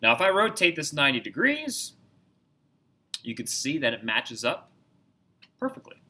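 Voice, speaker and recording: Lively, bright-voiced male math teacher. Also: on the high side, normal speed. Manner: upbeat, joking, talks to viewers directly. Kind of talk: recorded video lesson.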